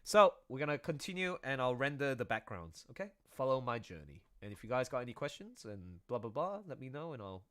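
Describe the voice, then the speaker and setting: A man's voice: mid-range voice, expressive, fairly quick, few pauses, fairly bright tone. A man chatting casually on a livestream, playful and rambling, laughing easily. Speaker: streaming artist. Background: music.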